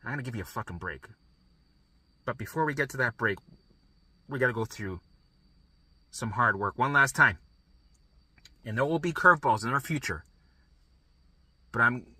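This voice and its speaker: A man's voice: medium pitch, animated, normal speed, pauses often, sharp tone, breathy edge, no echo. A man coaching listeners through recovery in a blunt, profane, emphatic motivational monologue.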